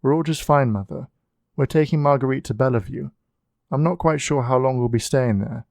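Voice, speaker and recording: An earnest young man, as the narrator plays him, steady and serious. He speaks plainly to his mother. The sound is dry and close. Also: mid-range voice, fairly quick, creaky, no room sound, natural voice.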